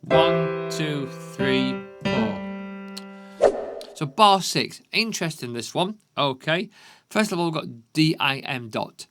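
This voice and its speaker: Gravelly Yorkshire man teaching piano. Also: on the high side, lively intonation, normal speed. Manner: counts beats aloud, checks in with frequent "okay?". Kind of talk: step-by-step piano lesson. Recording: piano music loud underneath. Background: piano playing.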